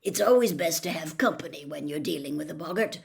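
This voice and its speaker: A woman's voice: deep voice, a little fast, gravelly. A woman reading the part of a kind, patient middle-aged male teacher in a storybook. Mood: patient, kindly. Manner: gentle, patient, encouraging.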